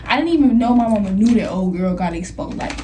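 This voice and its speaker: A young woman vlogger telling a story in an animated, slangy way, laughing often. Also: mid-range voice, quick pace. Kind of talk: storytime vlog. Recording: somewhat distant mic with faint noise.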